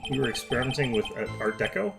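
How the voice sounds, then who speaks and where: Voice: medium pitch, expressive, rapid-fire, creaky. Young defense lawyer, read by a streamer, wry and mildly exasperated. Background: loud game music.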